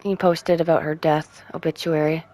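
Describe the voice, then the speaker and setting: Soft-spoken woman reading game texts. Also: deep voice, level tone, moderate pace. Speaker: gaming streamer.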